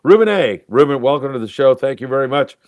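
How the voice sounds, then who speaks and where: A man's voice: mid-range voice, lively intonation, fast, a little mellow, no room sound. A man in his sixties hosting a casual fishing talk show, telling stories and reading viewer comments. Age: 60s. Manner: storytelling, jokey, reads viewer comments aloud. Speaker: host. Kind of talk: casual chat.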